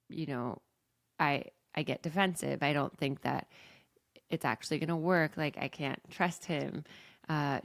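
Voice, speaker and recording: A woman's voice: extremely low pitch, gravelly, no room sound, clean studio sound. A woman podcast host and coach, talking candidly and reflectively about her own experiences in a personal monologue.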